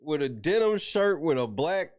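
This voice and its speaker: A host giving comedic commentary on a clip, incredulous, loud and profane, laughing often. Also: medium pitch, sing-song, moderate pace.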